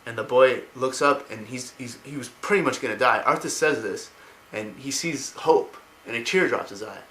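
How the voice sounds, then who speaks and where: An excited man rambles through a story retelling, swearing now and then. His voice is bright and forward, with a medium pitch. The recording sounds roomy and echoing. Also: moderate pace, slight background noise. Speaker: lore explainer.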